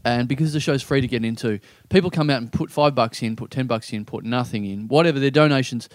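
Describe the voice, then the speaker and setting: A man hosting a podcast, telling a rambling, animated story in casual chat with guests. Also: medium pitch, fast talker, no room sound, studio quality. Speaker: podcast host and comedy night MC. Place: indoor room with co-hosts.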